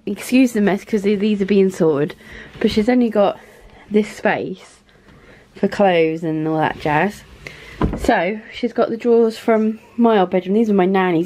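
A woman's voice: mid-range voice, noisy background. A woman, chatting casually to camera while doing chores around her family home. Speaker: vlogger, mother of four. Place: family house, indoors.

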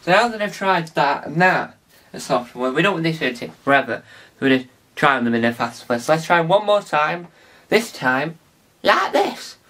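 A man's voice: on the high side, lively intonation, moderate pace, fairly bright tone, distant mic. A man hosting a casual tutorial vlog, rambling and restarting with many fillers. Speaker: video host.

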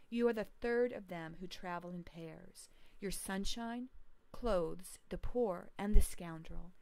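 A woman's voice: medium pitch, gravelly, a little mellow, no room sound. A woman reading the part of a sick, lost young male hero who solemnly pleads with the gods in prayer.

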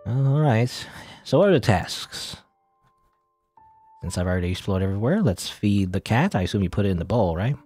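A man's voice: lowish voice, big pitch swings, normal speed, dark tone, slightly rough, soft background music. A man casually commentating a game he is playing, rambling and joking with many fillers. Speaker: let's play gamer.

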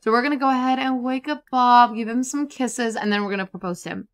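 A woman giving casual, chatty commentary over a life-simulation game, excitable and prone to repeating herself. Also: on the high side, quick pace. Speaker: gaming YouTuber. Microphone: desktop USB microphone.

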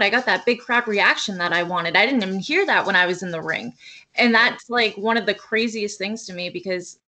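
A young woman wrestler in a casual interview, telling her story in a quick, animated way with acted-out quotes. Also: mid-range voice. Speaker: guest wrestler.

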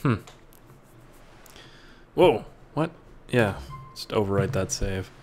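A man's voice: on the low side, animated, slow, a little mellow, soft background music. A man giving casual gameplay commentary, rambling with crude jokes. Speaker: gaming YouTuber.

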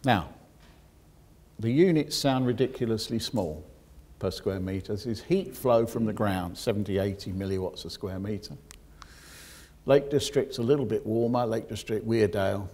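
A geoscientist giving a public lecture, explaining technical details with dry asides to the audience. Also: male voice, lowish voice, normal speed, dark tone.

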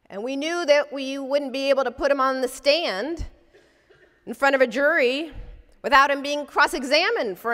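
A woman's voice: high voice, fairly bright tone. A woman lecturing as a civil rights lawyer, telling a personal story vividly and acting out the voices she quotes. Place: lecture hall. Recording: long reverb from a large hall.

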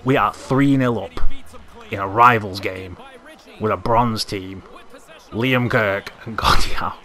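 A young man commentating live on his own gameplay, excitable, swearing and yelling at the game. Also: fairly low pitch, slow pace, soft background music. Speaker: gaming commentator.

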